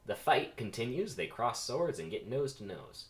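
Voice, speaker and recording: Lively man reading stage directions. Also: medium pitch, moderate pace. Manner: playful, self-mocking asides. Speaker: amateur script reader. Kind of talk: comedic script read-through.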